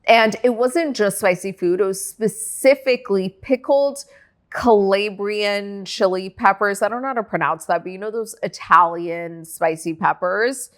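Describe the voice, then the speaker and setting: A young woman hosting her own podcast, telling a personal story in a candid, animated way with frequent swearing and filler likes. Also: mid-range voice, unhurried. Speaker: podcast host. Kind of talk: casual solo podcast chat.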